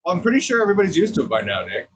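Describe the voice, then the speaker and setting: A man's voice: high-pitched, wildly swooping pitch, dull audio. A man co-hosting a casual livestream, joking and teasing. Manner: joking, teasing, slow drawl.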